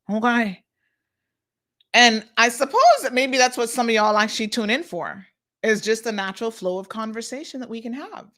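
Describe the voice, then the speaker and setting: An outspoken woman hosts unscripted live commentary, talking straight to her viewers. Her voice sits a little high and sounds bright and forceful. She is emphatic and reads viewer comments as she goes. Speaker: host of a talk show.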